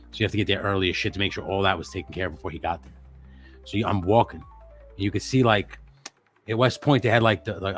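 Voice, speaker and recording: A man's voice: lowish voice, fairly bright tone. A young man telling a ghost story in a casual, profane, rambling way, restarting his sentences. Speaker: livestream co-host.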